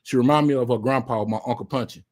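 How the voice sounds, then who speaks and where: A man's voice: mid-range voice, fast. Laid-back man hosting a livestream. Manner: laid-back, slangy, filler-heavy talk. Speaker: livestream host. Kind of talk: casual live-stream chat.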